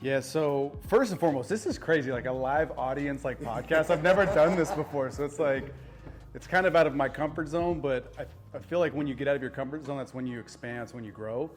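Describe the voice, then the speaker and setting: A man's voice: medium pitch, fairly quick, faint music behind. Earnest man telling a raw story. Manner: emotional, earnest, uses many fillers like "like". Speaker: podcast guest. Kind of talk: candid personal storytelling. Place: podcast studio with live audience.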